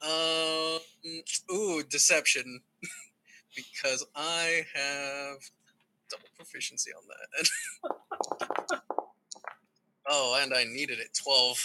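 A man's voice: fairly high pitch, takes it slowly, long pauses, bright, forceful tone, a little hiss or hum, low-quality recording. A man playing in a tabletop game, chatting casually and laughing often. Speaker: player.

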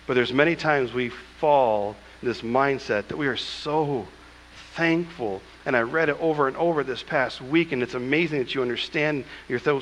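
Male pastor, high and bright, emphatic preaching, long hall reverb. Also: a little hiss or hum. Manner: preaching with emphatic asides, acting out quoted scripture. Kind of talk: sermon. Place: church sanctuary.

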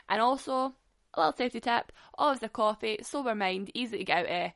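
A woman's voice: on the high side, expressive, quick pace, gravelly, fairly bright tone, dry recording, clean studio sound. A woman in her twenties telling a story in casual chat, blunt and sweary, laughing as she goes.

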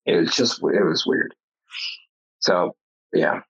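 A man with a low, husky voice tells stories in loose, casual chat and swears freely. The sound is dull and lo-fi. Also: slow, a bit bright.

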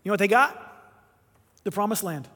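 High pitched guy giving a sermon, animated, sounds like a big church hall. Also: a little fast. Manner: animated, emphatic storytelling with voiced quotes. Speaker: preacher. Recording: long hall reverb.

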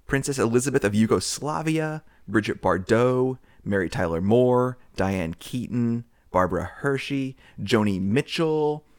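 A man co-hosting a casual film podcast in a lively, up-and-down voice, joking and laughing as he reads from his notes. The sound is dry and close, with no room echo. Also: mid-range voice. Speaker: podcast co-host.

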